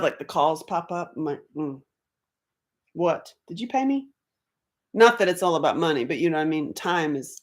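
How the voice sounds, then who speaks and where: A woman chatting on a casual livestream, laughing often, greeting viewers by name and jumping from topic to topic. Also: on the low side. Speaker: livestream host.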